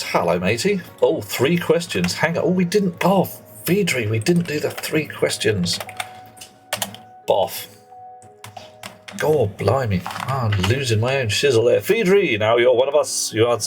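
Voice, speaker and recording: A British man streaming live, chatting casually with viewers in a cheeky, rambling way that slips into mock rants. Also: medium pitch.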